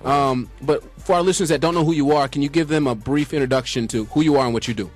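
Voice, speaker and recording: A man's voice: medium pitch, fast, faint music behind. A man hosting a radio show in a studio, introducing the segment and steering the interview with questions in an upbeat manner.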